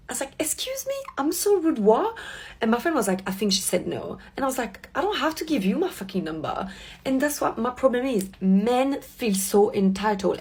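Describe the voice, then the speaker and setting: Husky woman ranting a storytime. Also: medium pitch. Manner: blunt, profane, animated retelling. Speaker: storyteller venting to viewers.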